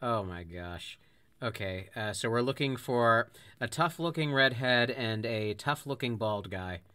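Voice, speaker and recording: A man's voice: mid-range voice, animated, measured pace, pushed and bright, smooth, dry recording. A man co-hosting a casual podcast, reading out odd card names with playful disbelief while playing a card game. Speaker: podcast co-host. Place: living room blanket fort.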